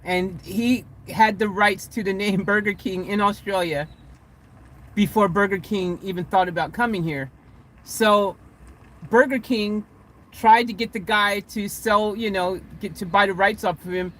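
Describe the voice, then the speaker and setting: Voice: medium pitch, steady tone, measured pace, fairly bright tone. Rambling, chuckling van-life vlogger. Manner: rambling, self-correcting, chuckling. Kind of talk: casual storytelling to camera. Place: inside a van.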